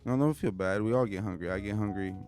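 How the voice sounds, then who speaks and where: A man's voice: fairly low pitch, darkish tone, faint music behind. A man hosting a casual podcast, joking around and swearing freely. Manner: joking, swearing, quick asides. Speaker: podcast host.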